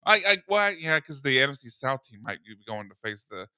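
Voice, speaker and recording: A man hosting a casual sports radio talk show, joking and animated as he debates football picks. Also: medium pitch, a little fast, clean tone, no room sound. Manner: joking, animated, laughs often.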